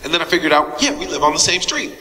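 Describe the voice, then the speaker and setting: A man's voice: fairly high pitch, animated, rapid-fire, bright, forceful tone. A middle-aged man, an actor being interviewed, telling stories in a chatty way and laughing often. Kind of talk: animated anecdote telling. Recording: echoey hall with faint noise.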